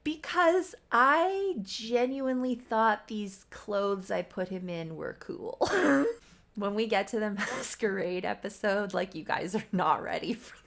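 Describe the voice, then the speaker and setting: A woman's voice: medium pitch, slow pace, creaky, fairly bright tone. A woman in her thirties, chatty and laughing at herself while recapping her old soap opera story. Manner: chatty, laughing, self-mocking. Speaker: YouTuber. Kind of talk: casual recap commentary.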